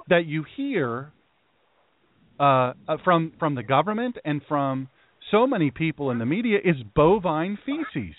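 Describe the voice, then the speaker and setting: A man hosting a political talk show, ranting in heated, animated bursts and mocking others. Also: on the high side, dry recording. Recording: tinny phone-like line.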